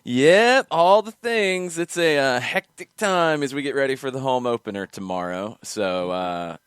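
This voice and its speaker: A man hosting a soccer podcast in casual chat, running through show plans and where to watch in a quick, rambling way. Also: mid-range voice, fairly bright tone, clear, resonant tone, no room sound, studio quality. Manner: fast, rambling promo talk. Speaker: podcast host.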